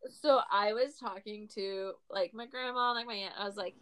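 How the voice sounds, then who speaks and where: A woman's voice: mid-range voice, moderate pace, clean tone. Young woman telling stories, swearing. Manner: animated storytelling, swearing. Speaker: podcast co-host. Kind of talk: casual chat.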